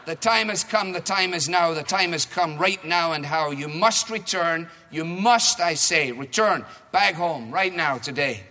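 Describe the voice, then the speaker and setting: A weary, fretful old widow, as a male preacher reads her from a rhyming storybook. She laments in sing-song verse in a bright, forceful voice. The sound carries a long hall reverb. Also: on the high side, measured pace, hardly any pauses. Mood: lamenting.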